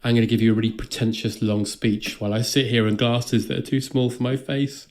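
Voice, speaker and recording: A smug, pompous middle-aged villain, put on by a male podcaster. He speaks a touch lower and softer, self-satisfied. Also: steady tone, a little fast, natural voice.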